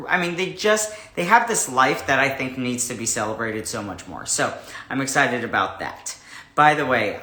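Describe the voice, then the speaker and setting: A man hosting a livestream, greeting viewers and chatting in a rambling, animated way before an interview. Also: mid-range voice, reverberant. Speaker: host. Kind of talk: casual livestream chat.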